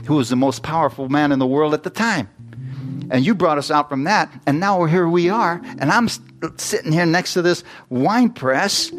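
A man's voice: on the high side, lightly acted. Fed-up grown man griping, pastor acting it out, faint music behind. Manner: exasperated, complaining. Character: frustrated grown man hiding and complaining.

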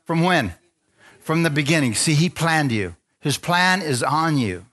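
A man pastor preaching a sermon, calling on the congregation for amens, dropping to low asides and climbing to loud, rising exhortation, with jokey self-deprecating remarks. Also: lively intonation, a little slow. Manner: call-and-response preaching, asks the crowd for amens.

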